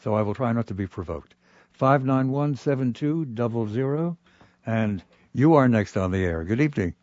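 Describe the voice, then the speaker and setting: A man hosting a call-in radio show, measured and wry in manner. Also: medium pitch, animated, a little mellow, no room sound, muffled recording. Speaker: radio talk show host.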